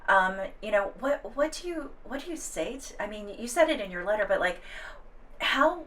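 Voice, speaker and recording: A woman's voice: medium pitch, expressive, moderate pace, a little hiss or hum. Sympathetic woman host, set back from the mic. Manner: warmly sympathetic, tearful. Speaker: podcast host. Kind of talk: interview conversation. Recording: voice a bit distant from the mic.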